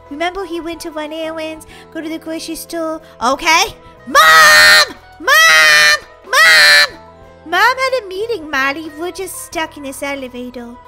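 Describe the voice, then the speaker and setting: A woman role-playing in a game, excitable and dramatic, giggling and crying out in playful panic. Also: very high voice.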